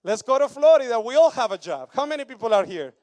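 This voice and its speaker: A man in his thirties from Argentina, preaching a sermon with an Argentine Spanish accent in broken English, animated and joking with the congregation. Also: very high voice, quick pace, dry recording. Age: 30s. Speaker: pastor.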